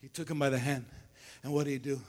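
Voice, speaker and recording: A man's voice: medium pitch, little pitch movement, quick pace, darkish tone. A male pastor preaching to his church, firing questions at the congregation and repeating phrases. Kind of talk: lively sermon with call-and-response. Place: church service.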